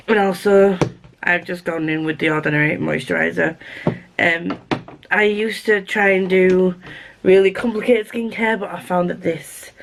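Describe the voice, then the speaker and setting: A woman's voice: on the low side, a little hiss or hum. Chatty woman vlogging. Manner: chatty, rambling, self-deprecating. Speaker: book vlogger. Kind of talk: casual chat to camera. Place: her bedroom.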